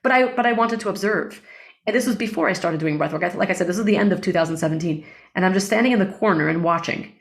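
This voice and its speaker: A middle-aged woman, a breathwork facilitator, telling personal stories in an emotional, animated way with many fillers. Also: fairly low pitch, quick pace. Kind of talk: casual interview storytelling.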